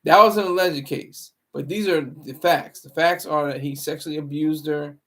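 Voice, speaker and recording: A man's voice: fairly high pitch, fairly even intonation, moderate pace, pushed and bright. A man hosting a live stream, rambling and moralizing in casual commentary, often restarting his words. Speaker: livestream commentary host.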